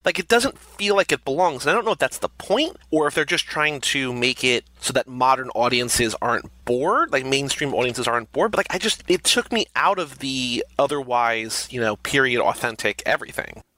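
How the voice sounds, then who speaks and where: Man, podcast co-host, animated pitch, bright tone, dry close sound. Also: moderate pace, hardly any pauses, dry recording. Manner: animated, self-correcting. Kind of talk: casual film discussion.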